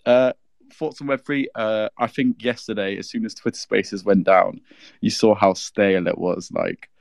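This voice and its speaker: A man's voice: on the low side, fairly even intonation, normal speed, creaky, no room sound, clean studio sound. A man invited up as a guest in a live audio chat, laid-back and candid. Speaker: guest speaker. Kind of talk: casual chat.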